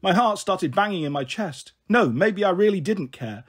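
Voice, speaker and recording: Husky male storyteller, lively and high. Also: moderate pace. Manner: expressive first-person narration. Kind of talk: audiobook reading of a children's novel.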